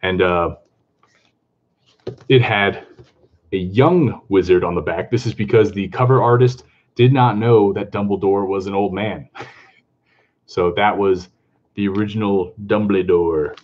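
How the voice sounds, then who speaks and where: A man chatting casually on a live stream, excitable and talkative, greeting viewers and laughing often. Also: fairly low pitch, measured pace, pauses often, dull audio. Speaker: comic book vlogger hosting a live stream.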